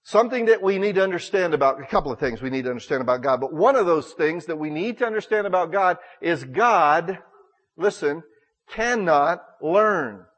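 A man's voice: on the high side, lively intonation, normal speed, fairly bright tone, long reverb tail. A middle-aged male pastor preaching a sermon in a church, folksy and jokey, acting out little quoted exchanges.

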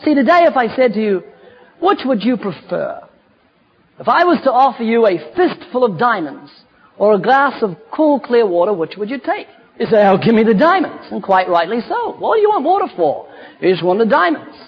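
A man preaching a fervent sermon, building to shouted emphasis on key points. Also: extremely high pitch, sing-song, a little fast, slightly rough, dull audio.

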